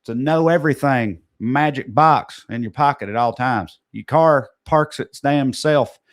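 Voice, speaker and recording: Man, podcast co-host, casual ad read, joking asides, average pitch. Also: a little slow. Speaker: podcast co-host reading sponsor ads.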